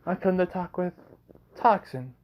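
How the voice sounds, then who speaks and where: A man voicing a withdrawn young hero who answers in short, low replies. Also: a little slow, dull audio, a little hiss or hum. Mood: curt.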